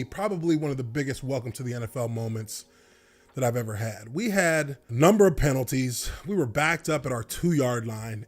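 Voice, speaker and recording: Male ex-lineman, animated storyteller, high lively voice, swears casually. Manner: animated, dramatic retelling with casual profanity. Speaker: former pro football lineman. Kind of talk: storytelling anecdote. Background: faint music.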